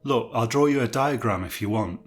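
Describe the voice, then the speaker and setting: A man's voice: medium pitch, brisk, close to an everyday voice. A man voicing an easygoing, cheerful male blogger sidekick. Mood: upbeat. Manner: cheerful, reassuring.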